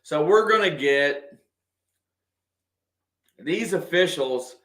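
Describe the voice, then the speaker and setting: A man doing casual, partisan play-by-play of a basketball game for a livestream, excitable and quick to react to the officials. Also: on the high side. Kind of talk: fan play-by-play commentary. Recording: echoey room.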